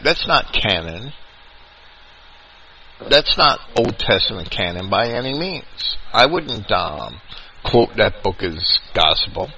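Bright-voiced New York man hosting radio. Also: lowish voice, big pitch swings, a little hiss or hum, rough recording. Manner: halting, repeats words. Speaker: radio host. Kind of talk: call-in radio chat.

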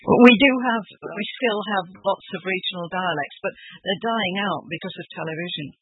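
A woman from England in casual conversation on a call, relating a news report in a halting way. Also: on the low side, breathy edge, dry recording. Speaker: caller. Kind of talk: casual chat. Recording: tinny phone line.

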